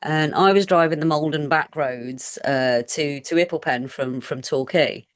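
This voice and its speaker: A woman with a fairly low voice tells a story in a rambling, chatty way. She is a podcast guest and acts out quoted lines as she goes. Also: a little slow. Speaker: guest paranormal researcher. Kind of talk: casual storytelling interview.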